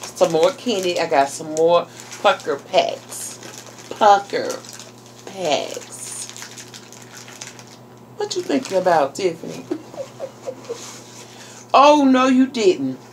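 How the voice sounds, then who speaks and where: This is a woman vlogging an unboxing in an effusive, gushing way, and she calls her viewers "y'all" and "girl." Her pitch swings up and down a lot, but she speaks at an unhurried pace. Faint noise sits under her voice. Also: very animated, a little mellow, poor audio. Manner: effusive and exclamatory, gushing with delight. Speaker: YouTuber. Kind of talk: casual unboxing vlog.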